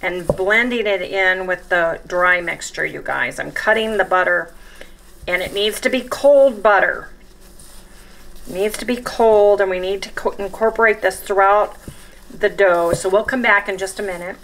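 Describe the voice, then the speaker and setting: A woman hosting a casual home cooking demonstration in her kitchen, chatting to viewers as she works and repeatedly saying how excited she is. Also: mid-range voice, moderate pace. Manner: chatty, talks straight to viewers as "you guys". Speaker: home cook and channel host.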